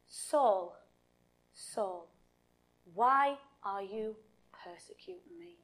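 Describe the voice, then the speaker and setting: A woman voicing Jesus as a solemn male voice from heaven, speaking low and hushed, partly whispered, in a children's Bible story. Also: big pitch swings, extremely slow, heavily acted, rough recording.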